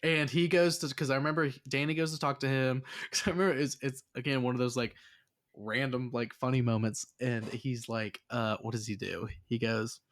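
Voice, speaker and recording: A man's voice: mid-range voice, fairly even intonation, moderate pace. A young man hosting a casual chat, retelling a show's plot in a rambling, profane way and acting out the characters' lines. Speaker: podcast host.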